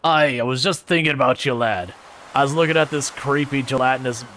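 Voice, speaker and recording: A man's voice: medium pitch, brisk, fairly bright tone, a little hiss or hum, natural voice. A man voicing a hearty, teasing old fisherman who calls people lad.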